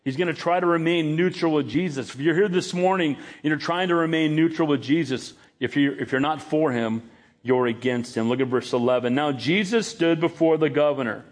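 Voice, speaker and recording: A male pastor preaching a sermon, emphatic and acting out quoted dialogue. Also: fairly quick. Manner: emphatic, acts out quoted dialogue with rising pitch.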